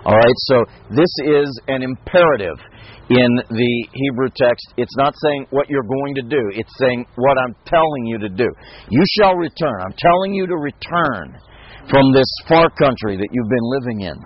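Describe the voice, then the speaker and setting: Husky-voiced man teaching a casual Bible lesson. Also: mid-range voice, normal speed. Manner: conversational, repeats and restarts phrases, asks rhetorical questions. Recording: dull lo-fi recording.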